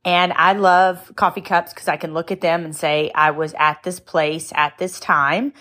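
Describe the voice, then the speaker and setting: A woman's voice: lowish voice, fairly even intonation, unhurried. A middle-aged woman hosting a motivational podcast, speaking earnestly and emotionally, moved to tears at times. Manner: warm, emotional, earnest, cries easily. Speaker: podcast host.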